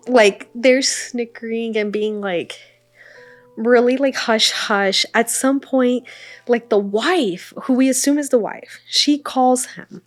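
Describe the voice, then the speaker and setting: A woman's voice: fairly high pitch, a little slow. Chatty young woman telling a travel story. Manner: chatty, animated retelling with lots of fillers. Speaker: travel vlogger. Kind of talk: casual storytime. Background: soft lo-fi music.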